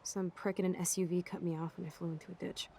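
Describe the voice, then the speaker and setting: A woman's voice: lowish voice, little pitch movement, fast talker, creaky, mellow, slight background noise. An actress voicing a blunt, wry young woman in a video game, talking in a frank, sardonic way. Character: blunt, wry young woman, teenage girl's best friend.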